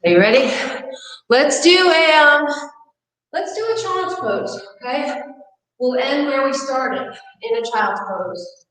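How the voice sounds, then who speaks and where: A woman's voice: sits high, lively intonation, takes it slowly, long pauses, a bit bright. A woman leading a fitness class, out of breath and counting down reps with upbeat encouragement. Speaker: fitness instructor. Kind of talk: live workout class instruction. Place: gym. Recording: echoey room, far from mic.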